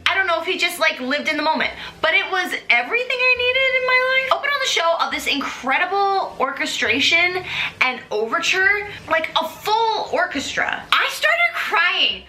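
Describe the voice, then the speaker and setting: A woman hosting a show, gushing and rambling excitedly in casual chat, with lots of fillers. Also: very high-pitched, reverberant, a little hiss or hum. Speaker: host. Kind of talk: casual recap talk.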